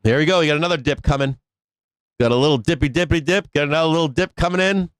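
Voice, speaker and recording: A man's voice: on the high side, fast, clean tone, no room sound. A man hosting a live stock market show, ranting bluntly with swearing, laughs and restarts. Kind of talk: casual live-stream rant.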